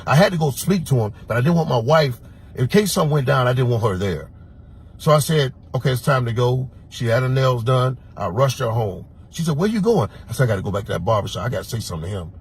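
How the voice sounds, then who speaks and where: A man from Florida who works as a security officer, telling a personal story in an animated, emphatic way and acting out the lines he quotes. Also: mid-range voice, vocal fry, husky.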